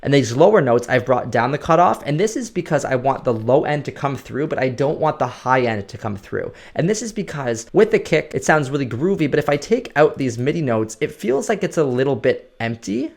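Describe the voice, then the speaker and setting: A man's voice: mid-range voice, sing-song, a little fast, gravelly, few pauses. A man giving a casual, explanatory music production tutorial at his computer, often checking in with "right?". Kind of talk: screen-recorded production tutorial.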